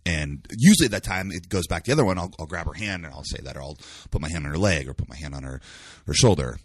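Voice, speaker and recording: A man's voice: very deep voice, expressive, quick pace, breathy edge, no echo, studio quality. A man talking earnestly as a guest in a casual interview, searching for his words as he goes. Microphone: live stream by phone.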